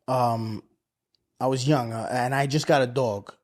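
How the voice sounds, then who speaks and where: Animated man telling a story. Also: mid-range voice, a little slow. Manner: animated storyteller acting out voices, heavy swearing. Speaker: podcast co-host. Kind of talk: casual podcast storytelling.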